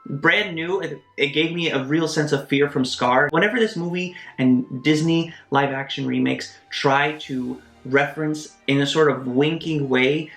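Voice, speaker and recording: A man giving a casual video essay review of a film, animated, with quick asides and mock voices. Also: a little high. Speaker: movie reviewer. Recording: roomy echo, faint music behind.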